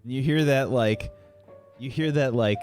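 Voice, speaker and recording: A man narrating as game master of a tabletop game, in a relaxed, hesitant way. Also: mid-range voice, unhurried. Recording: faint music in background.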